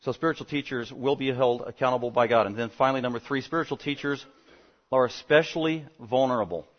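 A man preaching an expository sermon, animated and fast-talking, swinging between loud emphasis and quiet asides. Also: mid-range voice. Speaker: pastor. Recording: dull lo-fi sound.

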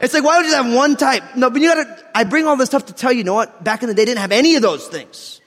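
A man from New Jersey preaching a sermon, mixing scripture reading with animated, joking stories and laughing through his lines. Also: extremely high pitch, quick pace, long reverb tail. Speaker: pastor. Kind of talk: sermon with humorous storytelling.

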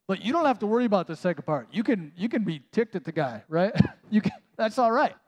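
A man's voice: sits high, sing-song, fast, a little mellow. A man preaching a conversational sermon as a pastor, casual and self-mocking, with many "like" asides. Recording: long reverb of a large hall.

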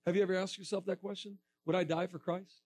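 A man preaching to a room of students, telling a story with lively acted-out quotes and bursts of laughter. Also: sits high, fast, no echo. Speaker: evangelist speaking to students. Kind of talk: storytelling sermon.

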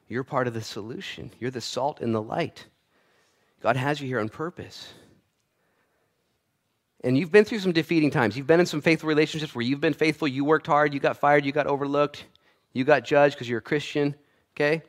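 A man preaching in a church, his mid-range voice climbing and pushing louder as he rallies the congregation, then dropping low for quiet asides. His delivery is lively and casual, with playful humor. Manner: animated preaching, swings from loud to hushed, playful asides. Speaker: pastor. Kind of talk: sermon.

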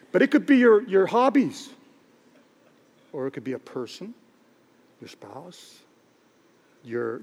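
A middle-aged man, a pastor, preaching a sermon in an animated, joking way and repeating phrases for emphasis. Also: on the high side. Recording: long reverb of a large hall.

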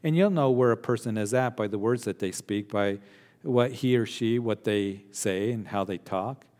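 A man preaching a sermon with an animated, emphatic conversational manner. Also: fairly low pitch, normal speed. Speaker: pastor. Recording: long hall reverb.

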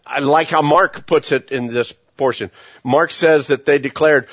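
A man preaching a sermon as pastor, earnest and repetitive, often dropping his voice to a hush for emphasis. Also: fairly high pitch, animated, a little slow, husky, no echo. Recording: dull, lo-fi sound.

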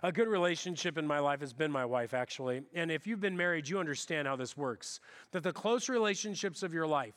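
High-voiced middle-aged pastor preaching. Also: male voice, animated, fairly quick, fairly bright tone. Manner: chatty, self-deprecating, with frequent restarts. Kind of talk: conversational sermon. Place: church sanctuary.

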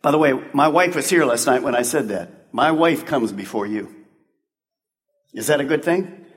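In a large church sanctuary with long reverb, a male pastor of medium pitch preaches at a moderate pace with lively intonation. His sermon is emphatic and conversational, filled with rhetorical questions for his congregation.

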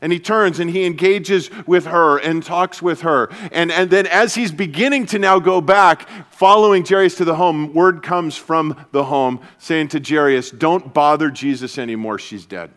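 A man preaching as a pastor to his church, earnest and energetic, dropping to a soft, hushed voice for comforting passages. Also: fairly high pitch, moderate pace, hardly any pauses. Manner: earnest, shifts to soft hushed tones when quoting Jesus. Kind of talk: sermon. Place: church service.

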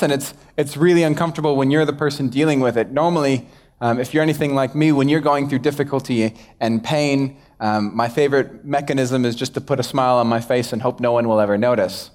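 Man, young pastor, relaxed sermon, chatty and self-deprecating, mid-pitched voice. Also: fast talker. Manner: casual, self-deprecating, acts out quoted dialogue. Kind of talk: conversational sermon.

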